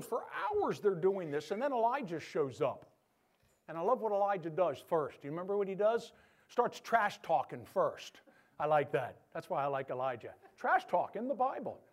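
A male pastor delivers a sermon in a high, lively voice that swings up and down. He jokes with the congregation and acts out the Bible figures as he tells their stories. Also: moderate pace. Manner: animated, joking asides to the congregation.

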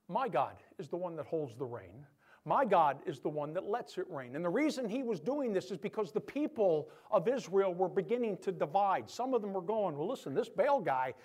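A male pastor preaches in a high, lively voice that rises and falls. He's animated, tossing joking asides to the congregation and acting out the Bible figures as he tells their stories.

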